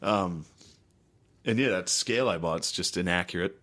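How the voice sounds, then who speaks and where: A man's voice: sits low, moderate pace, a bit bright. A man co-hosting a podcast in casual, crude banter, laid-back and laughing often. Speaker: podcast co-host.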